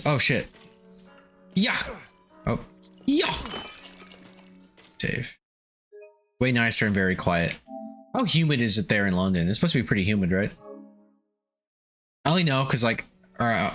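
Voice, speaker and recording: A man's voice: fairly low pitch, fairly bright tone. A young man streaming a game, chatting casually with viewers, laid-back, swearing and laughing often. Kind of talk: casual gameplay chat with viewers.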